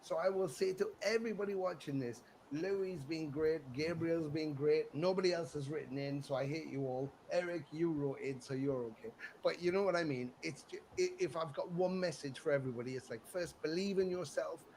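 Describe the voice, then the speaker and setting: A middle-aged English man tells stories in a casual interview, animated and quick to act out what others said. His voice sits a little high for a man. A faint hiss runs under the call audio. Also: low-quality recording. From England. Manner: animated storyteller, acts out quotes, swears freely. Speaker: musician guest.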